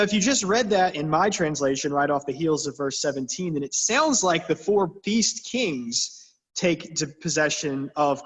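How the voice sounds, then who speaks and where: A man's voice: a little high, a bit bright. A man leading a Bible study in a church, talking conversationally with the group and reading scripture aloud with emphasis. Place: church meeting room. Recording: long reverb of a church hall.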